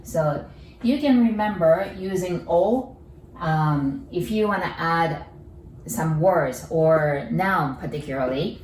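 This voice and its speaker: A Japanese-accented woman gives a cheerful, patient language lesson and slows right down to model each word. Her voice sits a little low. She sounds a bit distant from the mic, in a room with a noticeable echo. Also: darkish tone, slight background noise. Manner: upbeat, slow careful pronunciation drills.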